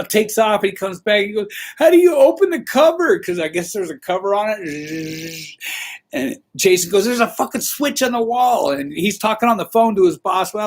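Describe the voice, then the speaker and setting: A man hosting a casual livestream, telling rambling, profane stories with a laugh now and then. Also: sits high. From Southern California. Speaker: livestream host.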